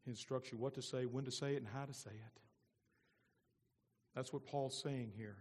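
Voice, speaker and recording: A man preaching a sermon as pastor, moving between loud emphatic lines and soft, low-spoken asides. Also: steady tone, normal speed, husky, long reverb tail.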